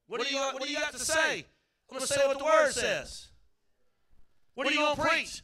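A middle-aged male pastor preaching fervently in a church, leading the congregation in call-and-response and at times shouting. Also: extremely high pitch, a little fast, pauses often. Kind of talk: sermon. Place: church sanctuary.

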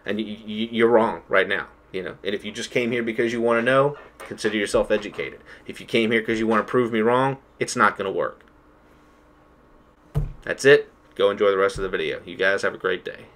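A man's voice: on the low side, a little fast, a bit bright, slight background noise. A man hosting his own channel, giving an emphatic, worked-up lecture straight to his viewers from indoors at home. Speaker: channel host. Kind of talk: heated monologue to viewers.

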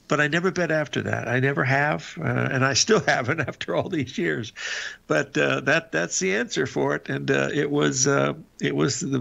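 A man's voice: fairly high pitch, creaky, a bit bright. An older man hosting a live trading show, talking in a folksy, rambling way with many fillers and restarts. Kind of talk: live market commentary.

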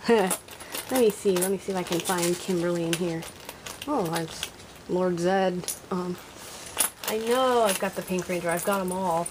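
Speaking a little slowly in a lowish voice, a woman reminisces about her old toys in a casual show-and-tell at home, chatty and thinking aloud. The recording is noisy.

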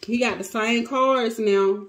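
Slow and steady in tone, this fairly high-voiced woman is giving her viewers a casual tarot reading, with background noise audible. She is emotional and on the verge of tears. Her delivery is dramatic, directed at both cards and audience.

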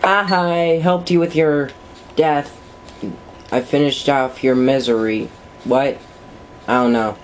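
A let's play gamer and vlogger in casual gameplay commentary, giggly, rambling and apologetic, with sudden high yelps. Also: expressive, slow, long pauses, a little hiss or hum.

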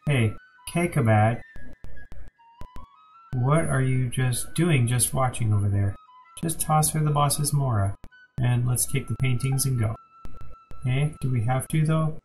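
A man's voice: mid-range voice, measured pace, pauses often, darkish tone, faint music behind, low-quality recording. A male streamer reading the lines of every character in a game cutscene aloud, stumbling and restarting now and then. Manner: reads every character himself with small slips and restarts. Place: home streaming setup.

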